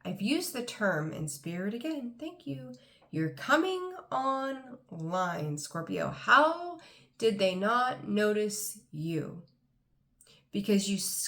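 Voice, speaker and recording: Woman tarot reader, gravelly fry, rambly and excited, lots of ums. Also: medium pitch. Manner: rambling, enthusiastic, frequent ums. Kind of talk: casual tarot reading to camera.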